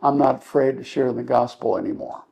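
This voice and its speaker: A middle-aged man, a street evangelist, telling a personal testimony in an earnest, halting way with many restarts. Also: mid-range voice, vocal fry, dark tone, breathy edge, rough recording.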